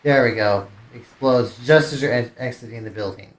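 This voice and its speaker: A man's voice: medium pitch, normal speed, echoey room. A man streamer giving casual gameplay commentary, thinking aloud with hesitant restarts. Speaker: game streamer.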